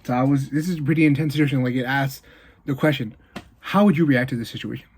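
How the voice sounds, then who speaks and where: A man giving a casual movie review, retelling the plot in an animated way with lots of fillers and quick asides. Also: medium pitch, slightly rough.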